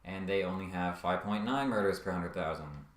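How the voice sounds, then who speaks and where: Male commentator, deep voice, halting and wry, roomy sound. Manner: hesitant, many ums and uhs, wry asides. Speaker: video essayist. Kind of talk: casual scripted commentary.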